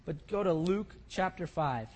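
A man preaching a sermon, moving from quiet scripture reading to loud, impassioned crying out. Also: on the high side, expressive, a little slow, a little hiss or hum. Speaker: pastor.

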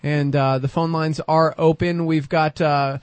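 A man's voice: a little high, level tone, unhurried, no room sound. A man co-hosting a call-in radio show, upbeat and loose, laughing often between calls. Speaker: radio co-host. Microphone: studio microphone.

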